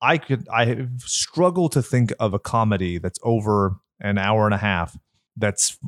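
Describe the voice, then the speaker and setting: A man with a nasal voice co-hosting a podcast, talking in a rambling, candid, lively way. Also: lowish voice, measured pace, dry recording. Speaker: podcast co-host. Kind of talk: casual podcast chat. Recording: dry close mic.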